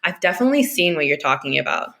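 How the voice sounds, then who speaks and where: A woman speaking as a podcast guest in a casual interview chat, talking quickly with frequent fillers and easy laughter. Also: deep voice, big pitch swings, creaky, sharp tone. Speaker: podcast guest, business analyst.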